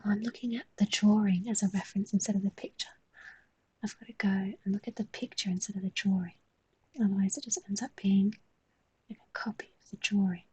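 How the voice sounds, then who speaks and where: A woman's voice: mid-range voice, steady tone, brisk, darkish tone, husky, dry recording, rough recording. A woman with a London accent, chatting casually on a live stream while she draws, joking, swearing and reading chat aloud.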